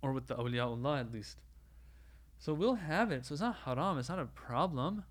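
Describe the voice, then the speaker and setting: A man giving a religious lecture, explaining step by step, asking questions and answering them himself, and reciting Arabic quotations quickly. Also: mid-range voice, expressive. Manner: explanatory, asks and answers his own questions.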